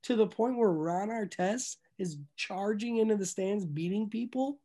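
A young man, a podcast guest, telling a sports story in casual chat, animated and loud at the peaks, dropping to low asides, laughing through it. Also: normal speed.

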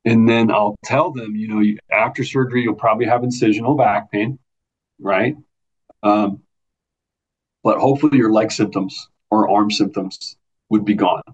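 A man's voice: fairly low pitch, steady tone, moderate pace, slightly rough. An American man, a neurosurgeon, talking earnestly in an interview and explaining things step by step with frequent restarts. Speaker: neurosurgeon guest. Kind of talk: conversational interview. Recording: muffled lo-fi audio.

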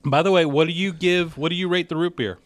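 A man's voice: a little high, fast talker, dry recording. A man and father co-hosting a casual podcast, telling self-mocking stories while rating snacks. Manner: lively, self-mocking storyteller. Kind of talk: casual chat, snack review.

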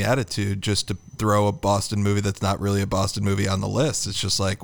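A man co-hosting a casual podcast chat, laughing and swearing through lively banter. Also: fairly low pitch, fairly quick, gravelly, few pauses. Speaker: podcast co-host.

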